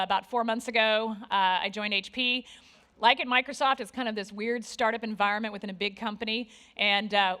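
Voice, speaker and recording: A woman in her forties giving a candid, self-deprecating conference talk on stage, with lively asides to the audience. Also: medium pitch. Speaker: conference speaker.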